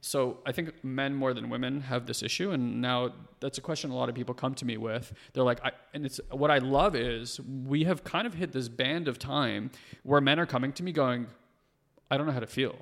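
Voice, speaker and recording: A man in his thirties, a podcast guest in casual conversation, talking fast and animated with lots of fillers. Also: mid-range voice, vocal fry, in a large hall.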